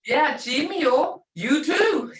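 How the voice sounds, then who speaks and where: A woman's voice: high-pitched, expressive, drawn-out words, over a noisy crowd. Older woman teaching, echoey and distant. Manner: repetitive, explains patiently, laughs often. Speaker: language instructor. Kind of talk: teaching an online language class. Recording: echoey room, far from the mic.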